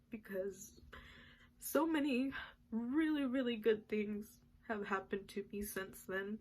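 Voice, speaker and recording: A young woman recording a halting birthday message to her grandmother, crying as she talks, with many pauses and restarts. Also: medium pitch, rough recording.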